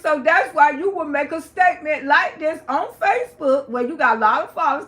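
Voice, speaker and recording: High voiced lady on a live stream ranting, cussing, real loud and emphatic. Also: brisk, hardly any pauses. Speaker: livestream host. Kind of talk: live-stream gossip commentary.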